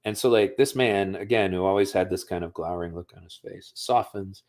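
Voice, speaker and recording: A man's voice: deep voice, moderate pace. A man from the United States talking casually on a livestream, telling a personal story in a profane, conversational way. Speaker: streamer.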